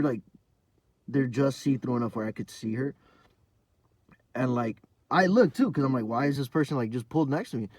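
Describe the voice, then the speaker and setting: A young man hosting a podcast, telling a rambling, profane story in a casual monologue full of fillers, sometimes dropping to a low mumble. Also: a little mellow, no room sound. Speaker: podcast host.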